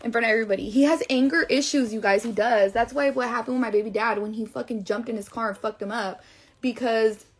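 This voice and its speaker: A woman's voice: on the high side, a bit bright. Profane, rambling young woman. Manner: rambling, profane, emotional retelling. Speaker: livestreamer. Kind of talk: casual storytelling live stream.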